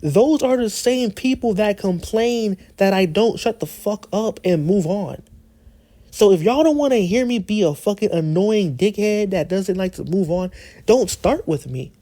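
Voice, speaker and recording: A man's voice: sits high, lively intonation, measured pace, mellow, dry recording. Heated, profane male YouTuber ranting. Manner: heated, profane, with many restarts. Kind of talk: ranting commentary.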